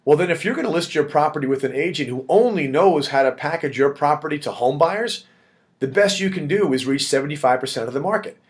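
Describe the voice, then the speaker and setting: Talking fast in a slightly high voice with lively intonation, the head of a real estate network gives a motivational video blog. He coaches directly and emphatically, addressing everyone as "guys."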